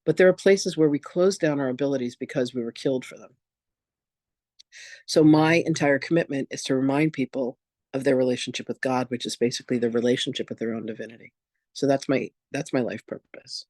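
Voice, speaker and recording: A man and reverend teaching in an online masterclass, telling personal stories in a candid, animated, casual way. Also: medium pitch, fairly quick, no echo, clean studio sound. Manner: animated, acts out quoted voices, casual and candid.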